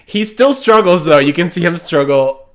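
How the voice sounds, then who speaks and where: A young woman co-hosting a casual podcast, relaxed, with dry asides and easy laughter. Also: fairly low pitch, moderate pace. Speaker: podcast co-host. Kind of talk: casual chat.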